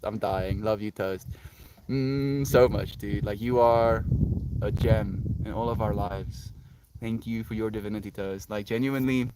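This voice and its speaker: A man's voice: on the low side, a little hiss or hum. A South African man musing dreamily as a live streamer, reading chat comments and laughing often.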